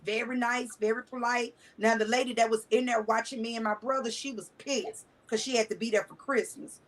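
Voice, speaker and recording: Candid, blunt-spoken woman, slightly high. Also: steady tone, fairly quick, rough recording. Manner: blunt, colloquial, with frequent cussing and restarts. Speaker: guest. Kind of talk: candid personal storytelling.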